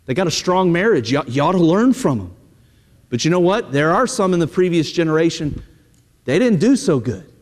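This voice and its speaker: A man's voice: on the high side, sing-song, normal speed. A middle-aged male pastor preaching a sermon in a conversational, direct way to his congregation in a church. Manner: conversational preaching, repeating "hey" and direct address. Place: church sanctuary. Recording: long reverb of a church hall.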